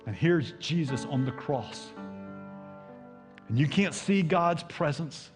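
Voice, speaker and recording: Middle-aged Southern preacher, man, higher-pitched voice, impassioned sermon with hushed dips, echoing sanctuary. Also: expressive, slow pace. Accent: Southern American. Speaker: pastor. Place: church sanctuary. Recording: long hall reverb, faint music.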